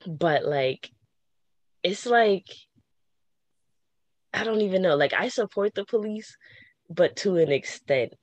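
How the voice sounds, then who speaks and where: Animated young woman, dry close sound. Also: on the low side, no room sound. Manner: animated, rapid restarts and frequent laughter. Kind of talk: casual conversation.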